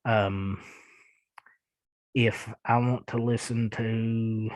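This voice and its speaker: A man's voice: on the low side, flat delivery, extremely slow, darkish tone, no echo, poor audio. A man with a thick Eastern Kentucky accent hosting a podcast, reading listener emails aloud and answering them in a laid-back, chuckling, self-deprecating way. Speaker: podcast host.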